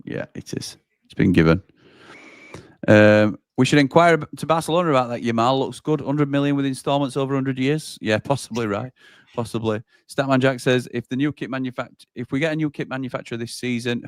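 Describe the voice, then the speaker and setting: A man's voice: medium pitch, brisk, clean tone, no room sound, studio quality. A man co-hosting a football watchalong, chatting casually about the match and reading out viewer questions. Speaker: watchalong co-host. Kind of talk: casual match commentary chat.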